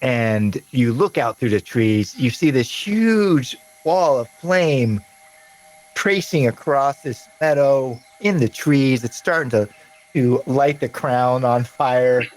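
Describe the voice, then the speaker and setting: A man narrating a tabletop game as game master, describing scenes in an unhurried, drawn-out way. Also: mid-range voice, animated, a little mellow, rough recording.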